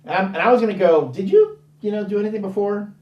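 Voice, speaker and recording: A man's voice: high voice, fast talker, dull audio. A man telling a long anecdote as an interview guest, acting out the other people's lines in quoted voices and rambling with restarts. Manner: animated, acts out dialogue in quoted voices; rambling with frequent restarts and fillers. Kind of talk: casual anecdote storytelling. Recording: roomy sound from a distant mic.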